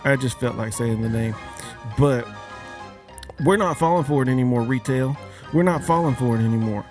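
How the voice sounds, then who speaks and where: A man's voice: medium pitch, moderate pace, darkish tone, faint music behind. Joking man ranting to his listeners. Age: adult, father of young kids. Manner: joking, asks the audience many questions. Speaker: podcast host. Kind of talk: casual holiday rant.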